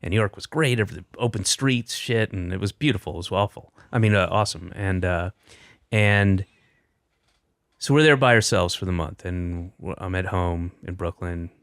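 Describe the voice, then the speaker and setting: A man's voice: deep voice, normal speed, a bit bright, no room sound, clean studio sound. A middle-aged man, a comedian, chatting casually and telling a rambling story with offhand swearing. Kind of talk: casual chat.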